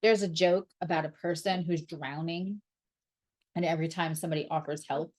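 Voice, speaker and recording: A woman's voice: low voice, fairly even intonation, moderate pace. A woman giving a casual tarot reading to camera, blunt and sarcastic, and she swears freely. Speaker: astrologer and tarot reader.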